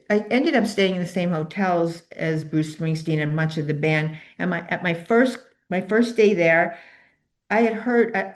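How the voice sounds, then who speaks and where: An older woman, an author and interview guest, telling stories in an animated, rambling way with frequent restarts. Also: deep voice. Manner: animated, rambling with self-corrections. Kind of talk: storytelling interview answers.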